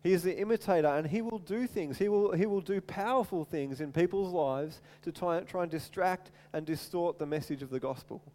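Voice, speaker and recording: A man preaching a sermon as animated storytelling, acting out voices and often repeating words, in a large hall with long reverb. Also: high-pitched, brisk, few pauses.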